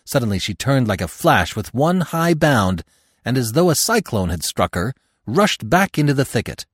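A man narrating a classic novel in an expressive, dramatic storytelling manner. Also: mid-range voice, moderate pace, slightly rough, no echo, clean studio sound.

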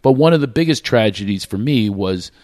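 A man's voice: lowish voice, animated, brisk, a little mellow, no echo. A man, a comedian guest on a podcast, telling rambling stories in casual chat and often breaking off mid-sentence. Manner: rambling, self-interrupting storyteller who acts out other voices.

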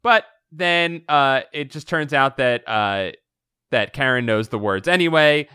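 A man's voice: mid-range voice, measured pace, smooth, no room sound, studio quality. A man co-hosting a casual podcast, recapping a book with laughter and frequent swearing. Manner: animated, laughing, swears freely. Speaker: podcast co-host.

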